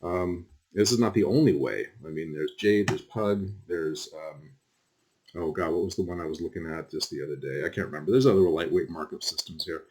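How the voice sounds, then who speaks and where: A very low-pitched man gives a relaxed screen-recorded lecture to his class. He rambles, drifts into asides and fills gaps with ums and likes. Keyboard typing can be heard now and then behind him. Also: a little fast, slightly rough. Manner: casual, rambling, with frequent fillers and asides. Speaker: college instructor.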